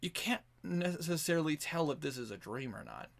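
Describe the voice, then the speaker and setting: A man's voice: a little high, lively intonation, normal speed, creaky. A man narrating a tabletop game as game master over voice chat, loose and rambling with many fillers. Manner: loose narration full of "like" and restarts. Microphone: online voice call.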